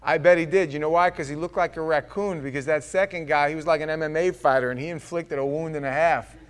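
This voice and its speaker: A man's voice: fairly high pitch, fairly even intonation, fast, clean tone. A man preaching a sermon, joking and acting out the scripture with voices. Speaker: pastor.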